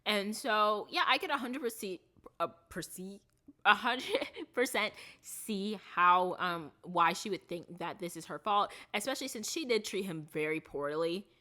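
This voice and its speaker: A woman vlogger with a mid-range voice recaps a TV series in loose, wandering chat, animated yet unhurried. She fills her talk with fillers and false starts, and her voice goes soft on the sad moments.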